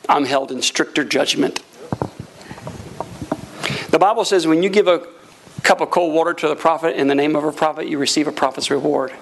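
Middle-aged pastor, high and gravelly, preachy delivery calling for amens. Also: male voice, brisk, pauses often, a little hiss or hum. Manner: preachy, calls for amens, animated swings in pitch. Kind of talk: sermon.

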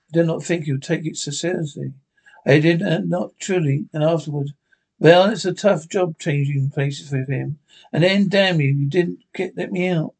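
A man reading the part of a mysterious older male stranger who rambles and teases, with a husky voice. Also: fairly high pitch, a little mellow. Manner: rambling, teasing, suddenly fierce.

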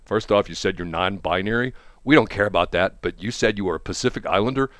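A man voicing a stern male federal agent, slow and halting with officious pauses. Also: lowish voice, a bit bright, no room sound, studio quality, voice pushed down, natural voice.

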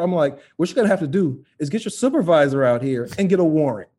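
A man telling a story in casual chat, animated and profane, acting out the voices of the people in it. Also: a little high, fast talker. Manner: animated, profane, acts out voices in his stories.

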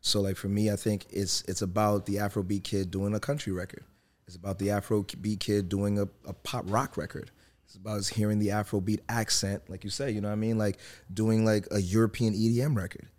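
A man's voice: on the low side, level tone, a little fast, a little mellow. A man being interviewed as a musician, explaining his ideas earnestly with examples. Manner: earnest, explains with examples, often says "you know what I mean". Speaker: musician guest. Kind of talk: interview talk.

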